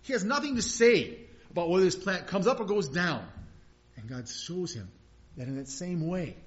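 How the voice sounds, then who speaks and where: Heard on a dull lo-fi recording, a pastor preaches in a conversational way at a moderate pace. His high voice is expressive, with occasional chuckles and emphatic bursts.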